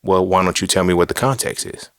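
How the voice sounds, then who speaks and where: Low-voiced blunt preachy man. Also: quick pace, smooth, no echo, studio quality. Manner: blunt, profane, preachy and rhetorical. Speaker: podcast host. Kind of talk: casual monologue on philosophy and religion.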